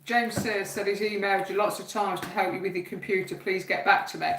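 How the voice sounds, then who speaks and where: A woman's voice: medium pitch, fairly even intonation, brisk, fairly bright tone, roomy sound, slight background noise, rough recording. A woman from the East Midlands co-hosting a live stream, reading out viewer comments in a chatty, matter-of-fact way. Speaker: co-host.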